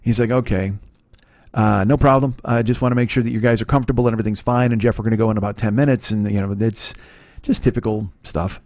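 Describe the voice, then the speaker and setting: A man's voice: on the low side, steady tone, quick pace, darkish tone, no echo, studio quality. A middle-aged man hosting a podcast, telling a rambling, profane, self-deprecating story with many restarts. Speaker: podcast host. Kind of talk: casual storytelling monologue.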